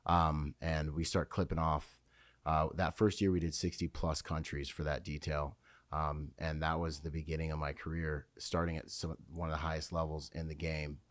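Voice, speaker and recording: Deep-voiced man telling his story. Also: normal speed, no room sound. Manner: candid, animated storytelling with many fillers. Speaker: guest. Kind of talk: conversational storytelling.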